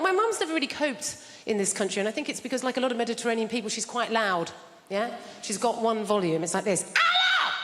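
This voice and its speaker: A woman from England doing a stand-up routine, chatty and self-deprecating, teasing the audience. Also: fairly high pitch. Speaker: stand-up comedian. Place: large theatre stage. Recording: big theatre with long reverb and loud noise.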